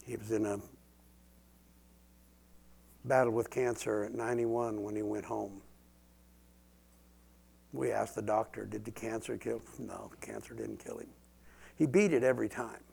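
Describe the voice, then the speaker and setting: A male preacher delivering a live sermon with prayer, dropping to whispered prayers and rising to loud declarations. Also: on the low side, animated, a little slow, vocal fry, pauses often, husky.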